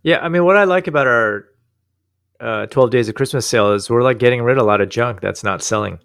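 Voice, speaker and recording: A man's voice: medium pitch, quick pace, creaky, a bit bright. A man co-hosting a casual business chat, asking curious follow-up questions. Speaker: online store owner and co-host.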